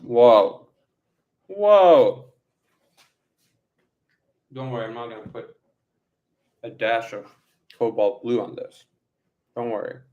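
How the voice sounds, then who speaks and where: A man talking casually in a vlog at home, rambling slowly with many fillers and the odd laugh. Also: mid-range voice, little pitch movement, reverberant, lo-fi sound. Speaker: vlogger. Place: his apartment. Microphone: phone camera.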